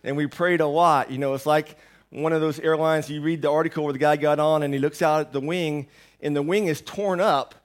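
Man, pastor, sore throat, rambling storyteller, casual sermon, a bit high-pitched. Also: steady tone, a little fast. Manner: rambling, self-deprecating storyteller. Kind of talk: conversational sermon. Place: church.

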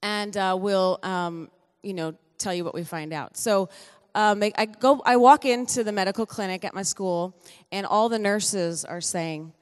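Middle-aged woman, relaxed testimony at church, talkative and self-correcting, long hall reverb. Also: medium pitch, measured pace, clean tone. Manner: chatty, self-correcting storyteller with light laughs. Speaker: pastor's wife giving a testimony.

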